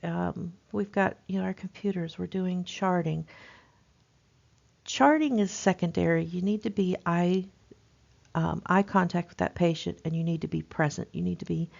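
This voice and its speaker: A middle-aged woman nursing instructor lectures in a conversational, emphatic way. Her voice is low and gravelly, and the recording sounds dull and lo-fi. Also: unhurried, darkish tone. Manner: conversational, emphatic, frequent fillers.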